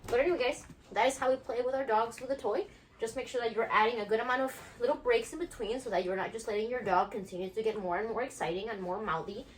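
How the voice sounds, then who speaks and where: A woman's voice: a little high, fast, slight background noise. Woman dog trainer teaching casually. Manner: explains to viewers while praising her puppy in between. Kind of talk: casual instructional video. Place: at home with her puppy.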